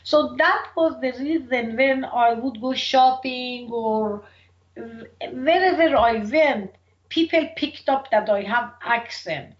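A middle-aged woman from Iran with a thick Persian accent, speaking slowly and earnestly as an interview guest. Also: high-pitched. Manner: slow, thoughtful and earnest. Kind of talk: personal interview. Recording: dull lo-fi recording.

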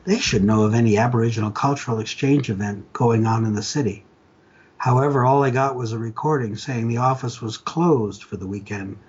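Older man reading his stories, husky. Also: mid-range voice, a little fast, highs cut off. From Ontario, Canada. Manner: animated storyteller, acts out dialogue. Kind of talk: reading aloud, storytelling.

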